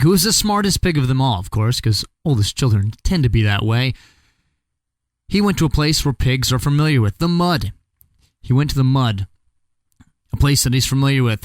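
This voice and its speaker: A man's voice: medium pitch, no echo. A man telling a fairy tale casually, with chatty, joking asides to the listener. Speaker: storyteller. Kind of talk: casual comic storytelling.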